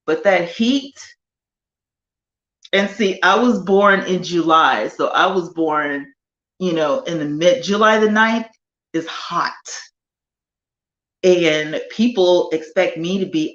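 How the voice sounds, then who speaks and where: A woman hosting a casual live chat with viewers from her home sunroom, animated and chatty with drawn-out emphasis. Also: on the low side, roomy sound, lo-fi sound. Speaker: livestream host.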